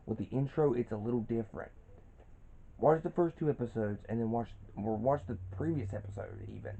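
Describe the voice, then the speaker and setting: A man's voice: medium pitch, creaky, dark tone. A man in his twenties giving a rambling, casual review of a cartoon, with frequent restarts and fillers, on a dull lo-fi recording.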